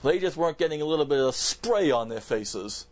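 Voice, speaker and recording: A man's voice: a little high, lively intonation, brisk. A man preaching a verse-by-verse Bible sermon in an emphatic way, repeating words and restarting phrases as he explains.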